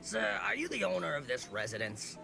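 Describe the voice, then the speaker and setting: A gravelly, officious crab tax collector, lively and curt. Game dialogue over loud background music. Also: male voice, high voice, brisk, exaggerated voice. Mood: officious, impatient. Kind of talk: video game voice acting.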